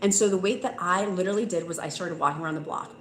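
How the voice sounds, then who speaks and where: Lady on a home livestream, chatty and gushing, lowish voice, roomy echo. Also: quick pace. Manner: gushing, chatty, reads viewer comments aloud. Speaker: host of a live weight loss stream. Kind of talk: casual live-stream chat reading comments. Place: room at home. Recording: echoey room, faint noise.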